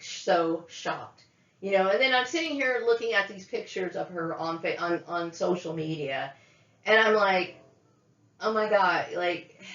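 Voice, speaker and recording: A woman's voice: fairly low pitch, fairly bright tone. A woman delivering an angry, profane monologue, repeating herself and tagging lines with "okay?". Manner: profane, repetitive, many "okay?" fillers. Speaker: vlogger. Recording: echoey room, dull lo-fi sound.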